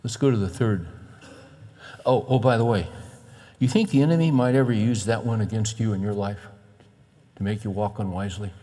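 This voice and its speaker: A middle-aged male pastor preaching a sermon in an animated way, acting out the voices he quotes. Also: on the low side, normal speed, pauses often. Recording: long reverb of a large hall.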